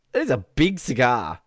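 A man co-hosting a casual film commentary chat, his pitch swinging freely as he jokes and laughs his way through. The recording is dry and close, with no room sound. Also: a bit bright, no echo. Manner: joking, laughs often. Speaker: podcast co-host.

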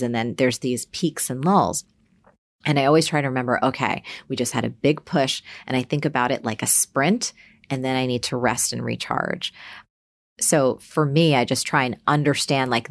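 Low-voiced animated woman guest. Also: no room sound. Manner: animated storyteller, lively and emphatic. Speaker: guest author. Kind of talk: casual podcast interview.

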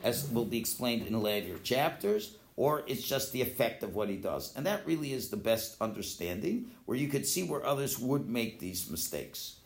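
A man teaching an informal Torah philosophy class, lively and conversational, acting out quoted voices and often restarting his sentences. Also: medium pitch, normal speed, gravelly, few pauses. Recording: roomy echo.

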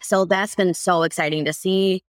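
A woman's voice: fairly low pitch, steady tone, moderate pace, dry recording, studio quality. A woman who works at a small business, chatting as a guest on a podcast and speaking upbeat and enthusiastically. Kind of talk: casual podcast chat.

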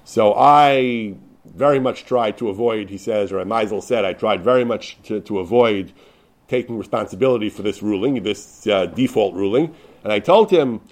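A man teaching a Torah class, retelling a wartime rabbinic ruling with lively storytelling, many restarts and Yiddish and Hebrew terms. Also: on the low side, normal speed. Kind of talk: Torah lecture retelling a responsum.

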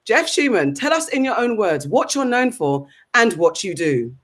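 A woman's voice: mid-range voice, big pitch swings, moderate pace. A woman co-hosting a podcast in casual chat, playful and laughing a lot as she leads the segments. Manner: laughing, playful, bouncy delivery. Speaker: podcast co-host.

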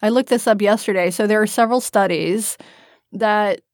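A woman's voice: mid-range voice, normal speed, darkish tone, no echo, clean studio sound. A woman co-hosting a podcast in casual chat, blunt and profane, laughing often. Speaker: podcast co-host.

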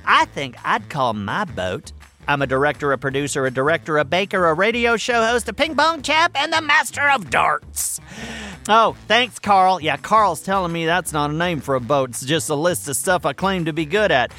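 Bobby Wonder, a boastful furry cartoon hero, hosts a children's radio mailbag. His raised voice swoops wildly up and down with a bright, forceful edge. He is bouncy and self-important, with faint music somewhere behind him. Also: a little high, very animated, normal speed. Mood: excitable. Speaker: radio show host. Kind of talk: scripted children's radio show.

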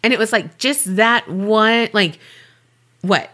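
A woman's voice: medium pitch, takes it slowly, bright, forceful tone. A woman co-hosting a podcast, telling a true-crime story in a loose, chatty way with offhand swearing. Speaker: podcast co-host.

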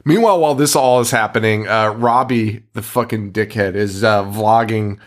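A man's voice: on the low side, moderate pace. A man co-hosting a podcast, casually recapping a movie, laughing often and acting out lines. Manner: animated, laughing, swearing, acts out quotes. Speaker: podcast co-host.

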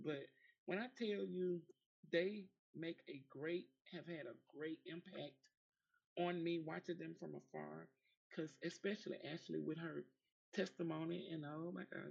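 A woman's voice: low-pitched, vocal fry, darkish tone, slightly rough, dull audio. A woman giving an emphatic, rambling personal testimony in an online audio chat room, with many restarts.

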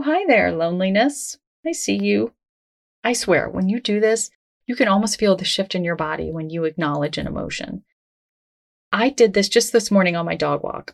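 Gentle reassuring woman podcast host. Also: mid-range voice. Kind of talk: self-help podcast monologue.

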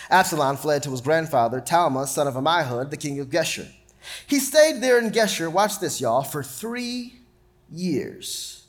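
A man preaching a sermon, reading scripture dramatically. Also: fairly high pitch. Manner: animated, dramatic Bible reading. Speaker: pastor.

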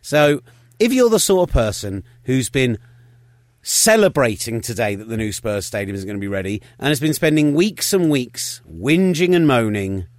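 A man's voice: medium pitch, very animated, no room sound. A man co-hosting a podcast, talking sports in a casual, opinionated and wry way. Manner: opinionated, rapid-fire and wry. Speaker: podcast co-host.

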